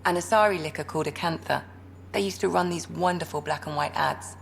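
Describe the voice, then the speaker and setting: Low, gravelly female ship doctor for a video game, dry and teasing. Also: fairly quick, slight background noise. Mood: wry. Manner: dry, teasing and self-deprecating.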